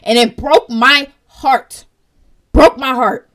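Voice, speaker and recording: A woman's voice: high-pitched, takes it slowly, fairly bright tone. A young woman, hosting her own vlog and speaking in an earnest, direct commentary style that turns tearful at times. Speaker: vlog host.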